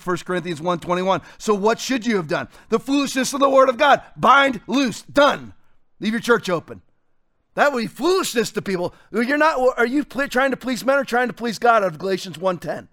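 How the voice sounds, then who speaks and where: A middle-aged man, a pastor, preaching forcefully and quoting scripture, rising to shouts. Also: high voice, expressive, normal speed. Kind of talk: fiery preaching on a talk show.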